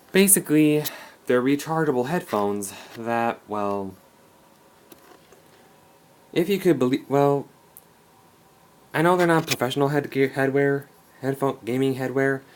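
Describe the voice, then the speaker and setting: A young man casually touring his bedroom gaming setup for a vlog, rambling with frequent restarts and self-corrections, filming with a handheld camera. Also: medium pitch. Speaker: gaming YouTuber. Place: bedroom game room, indoors. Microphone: handheld camera, no tripod.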